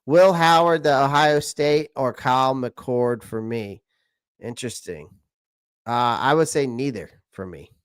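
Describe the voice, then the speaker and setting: A chatty man answers viewer comments on a casual live stream. He keeps circling back and repeating his points. His voice is smooth and clear in a dry, close room. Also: medium pitch, a little slow, no echo. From South Carolina. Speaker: channel host answering live chat.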